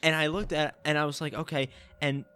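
A young man telling an animated, laughing story in casual chat among friends. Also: fairly high pitch, a little fast, clear, resonant tone, no room sound.

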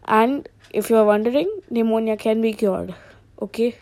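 A woman's voice: a little high, normal speed, a little mellow. A young woman who hosts a casual, rambling comedic podcast monologue and laughs at her own jokes.

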